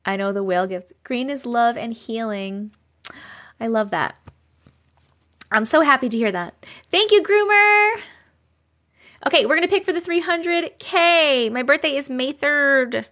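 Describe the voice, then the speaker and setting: A bubbly woman in her thirties hosts a casual live stream from home. Her voice sits high and swoops up and down constantly as she reads comments and thanks viewers. She talks in a loose, chatty way. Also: fairly bright tone. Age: 30s.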